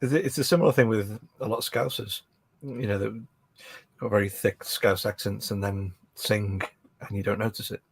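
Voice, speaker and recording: A man's voice: on the low side, fairly even intonation, normal speed, creaky, husky, no echo. A man co-hosting a podcast, explaining things in casual chat with stumbling starts. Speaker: podcast co-host.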